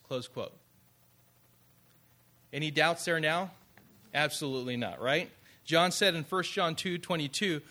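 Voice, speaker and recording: A man's voice: a little high, moderate pace, pushed and bright. A man preaching a sermon in a conversational way, often asking rhetorical questions. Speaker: pastor.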